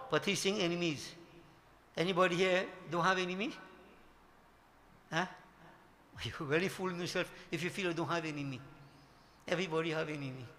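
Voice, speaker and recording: Here a Hindu spiritual teacher, an older man, addresses his devotees in an emphatic devotional sermon full of rhetorical questions. His voice sits high and sounds bright and forceful.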